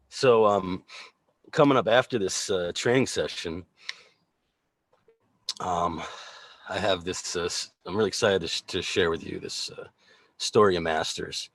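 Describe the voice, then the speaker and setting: A man's voice: deep voice, a little slow, long pauses, a bit bright, no echo. A man hosting a casual livestream chat, joking, laughing often and rambling with fillers over a video call. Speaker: host.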